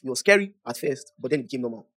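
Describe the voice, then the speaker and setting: A young man preaching with real conviction. His voice sits at an ordinary middle pitch but jumps up and gets louder on the big declarations, then drops into quiet, chatty asides. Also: rapid-fire. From Nigeria. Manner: emphatic, animated, swings from loud declarations to soft asides. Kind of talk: sermon.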